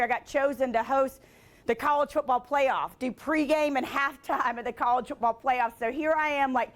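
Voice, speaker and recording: A woman with a high voice speaks in a lively, chatty way, dropping in "like" often as she tells stories. She pokes fun at herself while driving home a motivational point. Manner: chatty, filler-heavy with frequent "like"; self-deprecating humor. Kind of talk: storytelling motivational talk.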